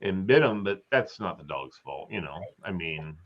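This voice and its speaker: A man's voice: sits low, lively intonation, moderate pace. A man hosting a casual live chat, telling rambling stories and acting out quotes. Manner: rambling storyteller, chatty, acts out quotes. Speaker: host. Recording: slightly dull lo-fi sound.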